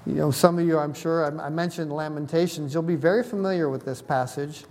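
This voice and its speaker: Pastor guy preaching, fairly high voice, chatty, asks the room questions, lots of hall echo. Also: fairly even intonation, fairly quick, darkish tone. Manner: conversational, asks the congregation questions. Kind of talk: sermon. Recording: long hall reverb.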